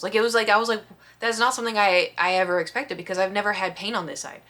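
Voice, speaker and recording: A woman vlogger telling a story in casual chat, expressive and acting out the quotes. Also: mid-range voice, fast. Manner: chatty, expressive storyteller who acts out quotes.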